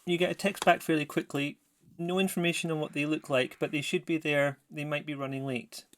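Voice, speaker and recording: A man's voice: a little high, level tone, fairly quick. A man narrating a tabletop game as game master, chatty and prone to asides. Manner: chatty, self-correcting, apologetic asides.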